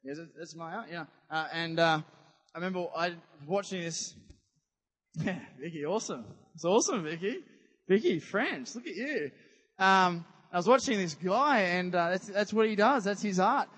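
A man preaches in a lively, chatty way, throwing questions out to the congregation. His voice sits high for a man. It rings with a long reverb from the church hall he speaks in. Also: moderate pace. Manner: animated, conversational, quizzes the congregation. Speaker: pastor. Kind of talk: sermon.

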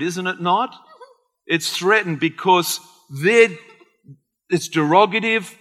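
Aussie pastor guy preaching, bright fairly high voice, long echo from the hall. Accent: Australian. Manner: animated, acts out quoted conversations. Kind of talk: sermon.

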